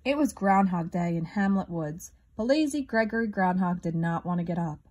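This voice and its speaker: A woman reading a children's picture book aloud, clear and expressive. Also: on the low side, moderate pace, slight background noise. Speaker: storybook reader.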